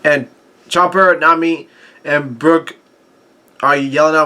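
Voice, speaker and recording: A man casually recapping a manga chapter, halting often with restarts and self-corrections. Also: on the high side, fairly even intonation, sharp tone. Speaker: manga reaction host.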